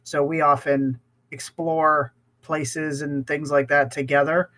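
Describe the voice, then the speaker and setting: A talkative man co-hosting a podcast, his voice sitting a little high. He is sick with a cough and rambles in easy conversation, restarting his thoughts as he goes. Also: flat delivery, slow pace, bright, forceful tone. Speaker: podcast co-host. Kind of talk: casual podcast chat.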